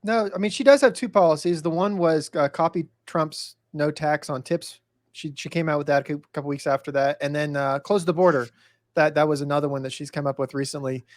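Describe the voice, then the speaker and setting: A man with a slightly high voice chimes in as co-host. He talks casually and hesitates with fillers. The sound is dry. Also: steady tone, fairly quick, no room sound. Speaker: podcast co-host. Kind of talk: casual chat.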